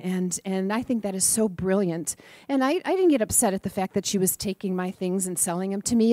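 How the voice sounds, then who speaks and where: Middle-aged woman, lively sermon storyteller, dry close mic. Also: mid-range voice, a little fast, few pauses, dry recording. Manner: animated storyteller, acts out voices, laughs often. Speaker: student minister giving a talk.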